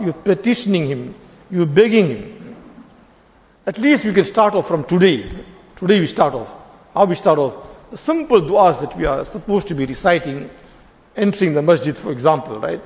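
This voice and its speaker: A man preaching a sermon, telling a story and acting out the voices of its characters with lively animation. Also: high voice. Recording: long hall reverb, dull lo-fi sound.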